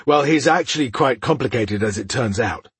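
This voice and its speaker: A man's voice: medium pitch, animated, normal speed, a bit bright, slightly rough, dry recording, heavily acted. A man voicing a drunk, disgraced old male knight who rambles and hiccups. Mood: rambling.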